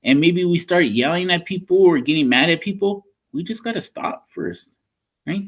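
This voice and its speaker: A man's voice: sits high, animated, moderate pace, dull audio. A man working as a school counselor, talking a class of children through a lesson in a conversational way and checking in often with "right?" and "okay?".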